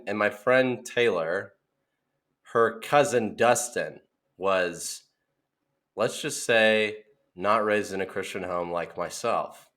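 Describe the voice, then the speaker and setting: A young podcast co-host tells a story during a casual chat, laughing often and animatedly acting out quotes in a high voice.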